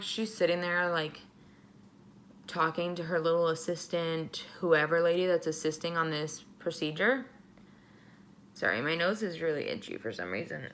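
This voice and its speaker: A woman's voice: on the low side, a bit bright, slight background noise. A young woman vlogger telling a candid personal story, blunt and emotional, swearing freely and acting out what others said.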